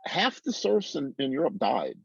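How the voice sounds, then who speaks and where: A man's voice: mid-range voice, wildly swooping pitch, normal speed, vocal fry, slightly rough, no room sound. A man moderating a class discussion on a video call, asking questions in a folksy, wry way. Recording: dry, dull video call audio.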